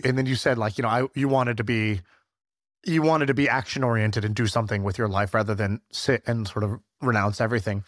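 A man's voice: mid-range voice, no room sound, clean studio sound. A man hosting a casual podcast interview, asking loose, joking questions. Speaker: podcast host.

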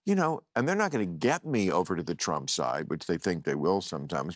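A man's voice: low-pitched, expressive, fairly quick, no room sound, studio quality. Mocking, profane man in a talk show clip. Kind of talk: comedic talk show rant.

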